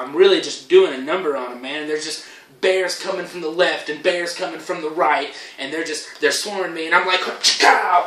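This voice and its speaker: A man tells a silly tall tale with frequent stammered restarts and casual swearing. His voice is bright and pitched a little high for a man. The recording is roomy and catches him from a distance. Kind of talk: rambling comedic storytelling. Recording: echoey room, voice from far off.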